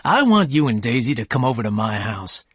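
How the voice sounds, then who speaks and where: A man's voice: medium pitch, sing-song, fairly quick, fairly bright tone, husky, dry recording, clean studio sound. A man reading the lines of a wealthy young man, friendly and dreamy, with a habit of addressing his listener as "old sport.". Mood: eager.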